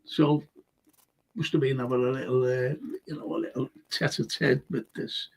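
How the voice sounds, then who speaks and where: A man's voice: mid-range voice, flat delivery, normal speed, creaky, a crowd in the background. An older man hosting a casual chat show, rambling through anecdotes with lots of fillers. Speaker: show host.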